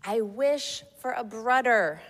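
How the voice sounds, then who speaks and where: An eager, lisping toddler boy, not quite three, chirps his wishes in a high, bright little voice, as a woman puts him on for a read-aloud story. The words come slow and careful, and a long echo trails behind them in the room. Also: animated, heavily acted.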